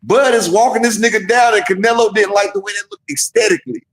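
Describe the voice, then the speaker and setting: A man co-hosting a casual boxing live stream, telling fight stories in an animated, profane way and acting out what the fighters might have said. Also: high-pitched, fast talker, roomy sound, poor audio. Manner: animated, profane storytelling with acted-out quotes. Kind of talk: casual chat.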